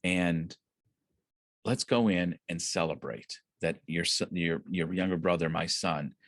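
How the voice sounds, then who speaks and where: A man's voice: deep voice, unhurried, a bit bright, no echo, clean studio sound. A man voicing a loving father who reassures his son. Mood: tender.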